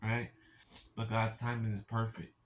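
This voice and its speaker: A man speaking gently to his viewers in a heartfelt spiritual encouragement talk, halting and repeating himself as he reassures them. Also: fairly low pitch, level tone, slight background noise. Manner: gentle, halting, keeps asking "right?".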